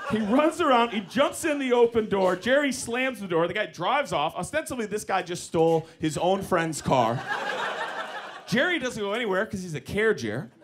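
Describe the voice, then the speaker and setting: A male stand-up comedian telling a story live on stage in a comedy club, animated, slipping into voices. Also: sits high, moderate pace. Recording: live club with crowd noise.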